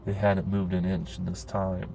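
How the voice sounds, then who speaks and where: A man narrating a horror story in a grim, steady storytelling manner. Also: deep voice, normal speed, creaky, soft background music, low-quality recording.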